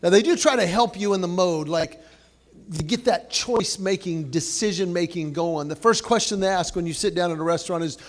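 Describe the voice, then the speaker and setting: A man's voice: high-pitched, brisk. A man giving a humorous after-dinner speech at a banquet, telling folksy stories with comic asides. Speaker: banquet speaker.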